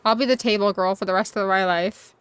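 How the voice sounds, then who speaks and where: A woman's voice: mid-range voice, fairly even intonation, fairly quick, a bit bright, clear, resonant tone, dry recording. A woman game streamer chatting casually and self-mockingly while playing, talking to the characters on screen. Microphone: desk USB microphone.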